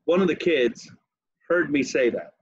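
A man's voice: on the high side, a little slow, husky, no room sound, dull audio. A man hosting a podcast, telling a long story in casual chat with laughs. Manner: animated, laughs while telling stories. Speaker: podcast host.

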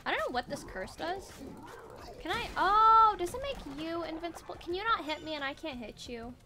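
A young woman who makes gaming videos gives casual let's-play commentary, chatting, swearing, and talking to the game characters as she plays over game music. Her very high-pitched voice is expressive at a moderate pace, with background noise.

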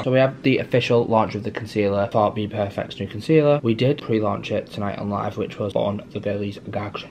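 A man's voice: mid-range voice, noisy background. A young man, chatting upbeat to camera in a casual travel vlog on a handheld phone. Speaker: makeup content creator.

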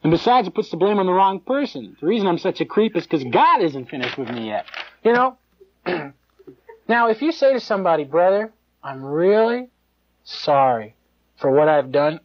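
Animated man preaching on dull tape. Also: high-pitched, brisk, husky. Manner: animated, conversational preaching with mocking asides and chuckles. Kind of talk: live sermon.

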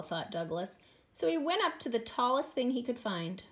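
A preschool teacher reads a picture book aloud to young children, her voice on the high side and her pace normal. She reads expressively in a sing-song way.

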